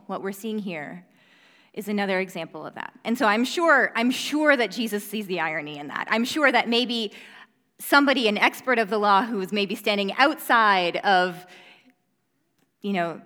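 A young mother preaches in a reverberant hall, her mid-range voice pushed and bright. She gives an earnest, conversational Bible teaching sprinkled with casual fillers.

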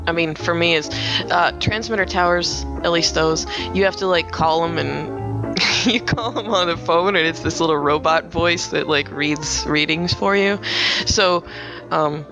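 A young woman from Minnesota chatting as a guest on a podcast, her voice gravelly with fry. She breaks into laughter often and leaves sentences unfinished. Music plays clearly behind her. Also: lowish voice, measured pace. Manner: laughs often, trails off and restarts. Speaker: podcast guest, radio worker. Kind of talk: casual interview chat.

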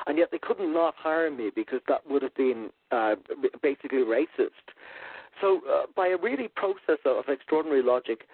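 Irish man, chatty author guest, husky voice, dry tinny phone sound. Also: fairly high pitch, animated, a little fast, no room sound. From Ireland. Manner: chatty, self-deprecating storyteller. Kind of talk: radio interview.

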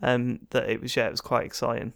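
A man's voice: mid-range voice, monotone, fast talker, gravelly, a bit bright, no echo. A man guesting on a podcast, talking in a dry, self-mocking way with hesitant fillers. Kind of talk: casual podcast chat.

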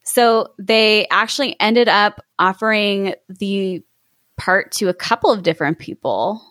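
A woman's voice: medium pitch, unhurried, a bit bright, no echo, studio quality. A woman co-hosting a casual podcast chat, sharing trivia in a chatty way and laughing often. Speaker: podcast co-host. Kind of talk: casual chat about a film.

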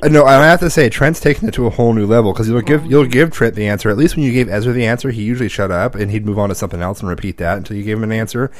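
Laughing dad telling kid stories. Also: male voice, lowish voice, rapid-fire, few pauses. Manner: joking, laughs often, acts out his kids' voices. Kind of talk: casual chat.

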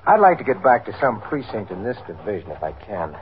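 A man's voice: fairly low pitch, big pitch swings, fairly quick, a little hiss or hum. A man playing an earnest, plain-spoken police lieutenant in a 1950s radio drama, sounding a little weary. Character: frank, unhappy male police lieutenant. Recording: tinny old radio broadcast.

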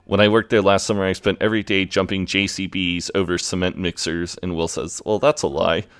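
A man's voice: sits low, little pitch movement, a little fast, a bit bright. A man co-hosting a podcast, recapping an episode in an easygoing, eager way. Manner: easygoing, eager, fond of the show. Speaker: podcast co-host.

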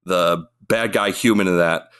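A man's voice: low-pitched, steady tone, a little slow, a bit bright, smooth. A man in casual podcast chat, rambling enthusiastically about monster movies and acting out lines. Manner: enthusiastic, rambling, acts out quotes. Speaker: podcast co-host.

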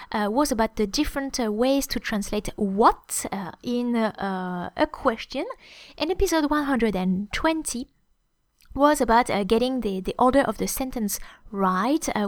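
A woman with a high-leaning voice, recorded dry, hosts a podcast language lesson as a French teacher. She explains at length, with lots of hesitant fillers.

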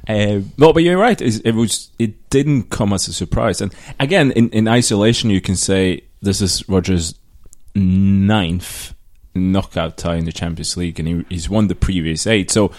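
A man with a low voice talks through the match on a podcast panel. He is measured and analytical, and calmly weighs the result against the bigger picture. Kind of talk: casual football chat.

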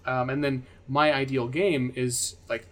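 Measured man, mid-range voice. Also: mid-range voice, little pitch movement, fairly bright tone. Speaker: podcast co-host, game master. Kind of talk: casual chat.

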